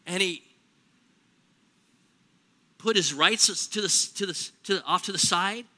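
A man preaching a sermon in a church, animated, acting out little everyday scenes in other voices. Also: sits high, a little slow. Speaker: pastor.

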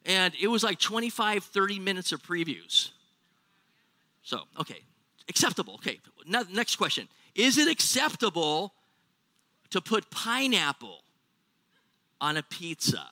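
A man's voice: high-pitched, very animated, measured pace, pauses often, sharp tone, dry recording. A man with an American accent preaching a sermon to his church, joking with the congregation and asking them questions. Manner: jokey, asks the crowd questions. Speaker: pastor.

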